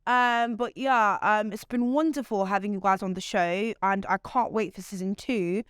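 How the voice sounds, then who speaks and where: Smooth, clear-voiced woman host talking candidly. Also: medium pitch, moderate pace, dry recording, clean studio sound. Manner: candid, chatty, playful asides. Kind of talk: casual monologue to camera.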